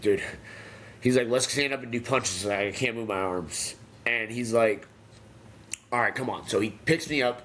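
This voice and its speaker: A man's voice: mid-range voice, a little hiss or hum. A young man, a professional fighter, telling stories from his career in a casual interview, swearing freely and acting out what others said. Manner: animated, profane, acts out quoted voices. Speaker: pro MMA fighter, interview guest. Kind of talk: casual storytelling.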